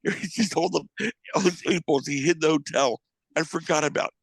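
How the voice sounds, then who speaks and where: Gravelly man telling a story. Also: on the high side, normal speed, no room sound. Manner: lively anecdotal, laughing through the story. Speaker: interview guest, book author. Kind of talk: animated storytelling.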